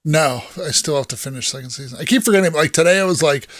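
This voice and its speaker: A man's voice: a little high, fast, a bit bright, dry recording, studio quality. A man co-hosting a casual trailer-review chat, laid-back and swearing casually while tallying scores. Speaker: podcast co-host.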